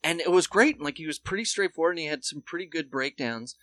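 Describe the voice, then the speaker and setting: A man's voice: a little high, animated, fast, sharp tone, dry recording. A man co-hosting a comedy podcast, riffing casually and swearing a lot as he rambles. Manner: profane, rambling riffs. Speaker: podcast co-host.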